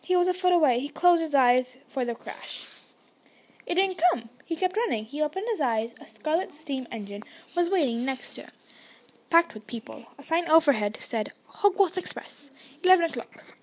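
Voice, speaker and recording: A woman reading a novel aloud with expressive storytelling. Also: high-pitched, moderate pace. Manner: expressive storytelling, doing character voices. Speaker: audiobook reader.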